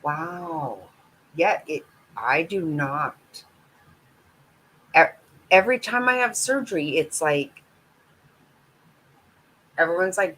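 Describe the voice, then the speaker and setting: Blunt, bright-voiced middle-aged woman. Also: deep voice, animated, slow, long pauses, a little hiss or hum, low-quality recording. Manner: blunt, profane and candid. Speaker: vlogger chatting with viewers. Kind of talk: casual live-stream chat.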